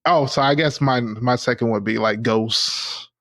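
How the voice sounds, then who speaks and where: A young man rambles through a story on a casual podcast, animated and full of fillers. His voice sits in an ordinary middle range for a man. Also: medium pitch, measured pace. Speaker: podcast co-host. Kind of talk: casual chat.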